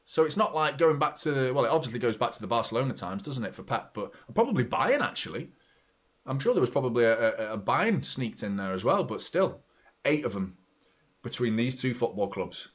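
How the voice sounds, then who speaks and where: A man's voice: medium pitch, very animated, a little fast. Chatty man reacting to a match. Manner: chatty, swears, reacts loudly to play. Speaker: host of a football watchalong. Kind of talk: live match watchalong commentary.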